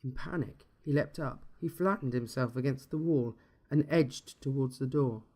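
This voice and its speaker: Guy reading a creepy story, warm low-key tone, steady pace. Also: normal speed. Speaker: narrator.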